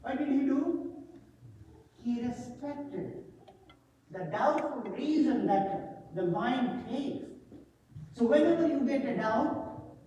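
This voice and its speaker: A man's voice: extremely high pitch, expressive, takes it slowly, long pauses, warm tone, highs cut off. A male priest preaching a sermon, questioning the congregation and checking their agreement with "right?". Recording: echoey hall from far off, faint noise.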